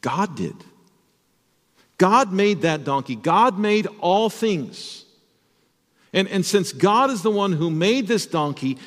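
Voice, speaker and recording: Slow, lively pastor telling a bible story to kids, big echoey church. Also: male voice, on the high side. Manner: animated, addresses children with questions. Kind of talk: children's sermon storytelling.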